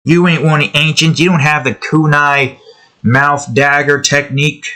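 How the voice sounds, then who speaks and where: A young man talks his way through a drawing session at home in a loose, rambling way, drifting off into asides. His voice is bright and forceful, and the talk is full of fillers and little tangents. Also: fairly high pitch, little pitch movement, moderate pace. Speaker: digital artist and channel host. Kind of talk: casual rambling commentary while drawing. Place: at home indoors, with his cat nearby.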